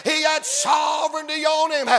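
High-voiced preacher shouting. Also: male voice, monotone, moderate pace, vocal fry. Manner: folksy, rhythmic, building to shouts. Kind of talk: sermon.

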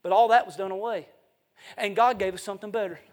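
A man's voice: high voice, fairly even intonation, fast. A man preaching an evening revival sermon as an evangelist in a church, fervent and emphatic, with folksy asides.

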